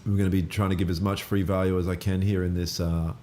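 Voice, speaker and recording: A man's voice: sits low, flat delivery, fast, warm tone, faint music behind. A man hosting a live trading stream, answering viewer comments in a laid-back, slangy, blunt way and swearing now and then. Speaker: trading livestream host.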